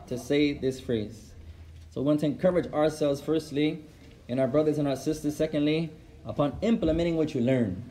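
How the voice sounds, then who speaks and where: A man's voice: a little high, mellow, a little hiss or hum. A male teacher giving a classroom lesson, switching between Arabic and English and repeating words for the class. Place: classroom with students.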